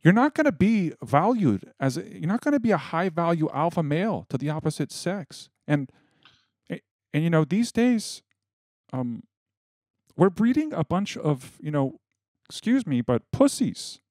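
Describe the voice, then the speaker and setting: A man's voice: fairly high pitch, sing-song, a little slow, darkish tone, no room sound, studio quality. A man hosting a casual comedy chat, rambling in a crude, mock-preachy way. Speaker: podcast host.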